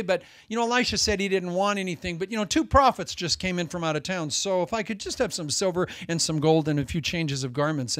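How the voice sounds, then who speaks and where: Animated male preacher with a higher voice. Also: no echo. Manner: animated preaching, swinging between loud emphasis and hushed asides. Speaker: pastor. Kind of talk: sermon.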